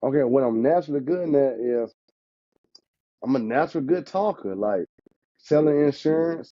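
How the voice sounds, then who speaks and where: A man, an insurance agent chatting casually as a podcast guest, lively and quick to laugh. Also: mid-range voice, dry recording. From Alabama, US. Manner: animated, talkative, laughs often. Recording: dull, dry lo-fi sound.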